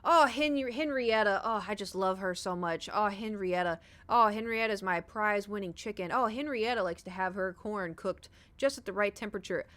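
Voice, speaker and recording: A woman's voice: medium pitch, normal speed, few pauses, fairly bright tone, lightly acted. A woman voicing a male video game farmer who gushes fondly over his prize chicken. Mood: gushing. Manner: gushing, fond.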